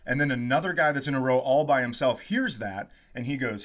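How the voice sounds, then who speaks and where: A man hosting a comedy podcast, telling a story in a casual, animated way and acting out what people said. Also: mid-range voice, brisk, hardly any pauses. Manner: animated storyteller, acts out quotes, laughs often.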